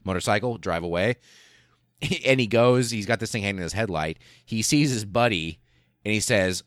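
A low-voiced man hosts a podcast, telling history in a loose, profane, animated way. His voice sits deep, and the recording is close and dry with no room sound. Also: moderate pace, no echo. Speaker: podcast host. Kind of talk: casual history storytelling.

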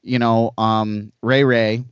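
A man's voice: medium pitch, slow pace, clean tone, no echo. Male podcast host, casual rambling talker, dry lo-fi recording. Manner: rambling storyteller, animated asides. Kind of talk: casual chat.

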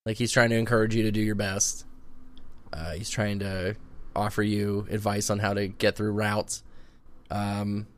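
A man's voice: lowish voice, flat delivery, normal speed. Laid-back profane young man. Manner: profane, laid-back, laughs while telling stories. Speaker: podcast co-host. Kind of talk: casual advice chat, reading listener letters.

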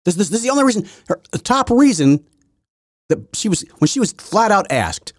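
A man's voice: high voice, very animated, brisk, dry recording, studio quality. A middle-aged man hosting an opinion podcast, talking in a sarcastic, mocking way with many repeats and restarts. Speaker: podcast host. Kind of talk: opinion commentary monologue.

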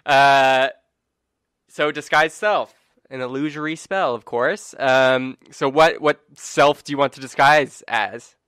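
A man's voice: medium pitch, slow pace, fairly bright tone, clean tone, no room sound. A young man narrating a tabletop game as game master, often laughing and using fillers.

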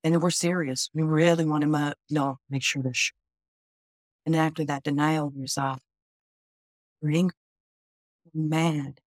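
Woman, podcast doctor, monotone delivery, dry recording, casual explanations. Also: low voice, a little slow, pauses often, no room sound. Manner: conversational, often says "like", voices inner questions. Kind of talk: podcast talk explaining grief.

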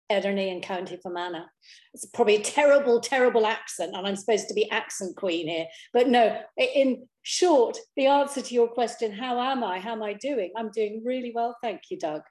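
A middle-aged woman talking as an interview guest, chatty and expressive, often restarting her sentences with fillers. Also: mid-range voice. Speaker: interview guest, impressionist and actor. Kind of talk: casual conversational interview. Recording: roomy echo.

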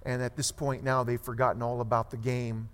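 Storytelling preacher in a reverberant hall. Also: male voice, medium pitch, brisk, smooth. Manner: animated storytelling, asks the congregation questions. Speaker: pastor. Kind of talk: sermon.

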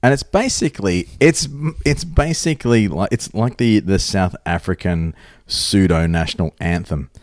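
An Australian man co-hosts a podcast, joking, swearing and laughing as he tells stories in casual banter. His voice is deep and his pace normal, captured as clean studio sound with no room sound.

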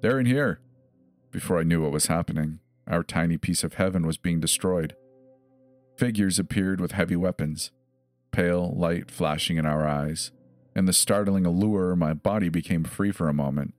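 Deep voiced guy reading a creepy story, slow and grave, quiet music behind. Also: steady tone, no echo. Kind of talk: scripted horror narration. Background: faint music.

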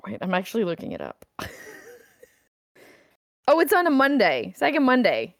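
A woman's voice: a little high, wildly swooping pitch, moderate pace, vocal fry, no echo. A woman from Canada co-hosting a casual comedic podcast chat, blunt and teasing. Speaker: podcast co-host.

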